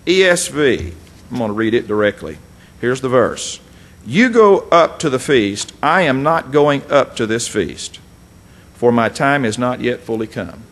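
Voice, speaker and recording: A man's voice: mid-range voice, a bit bright. A man preaching a folksy, emphatic sermon, reading scripture and adding asides.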